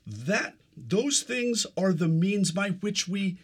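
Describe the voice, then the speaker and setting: Enthusiastic husky podcast host. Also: male voice, high-pitched, sing-song. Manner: enthusiastic, affirming, drawn-out phrasing. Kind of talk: casual podcast conversation.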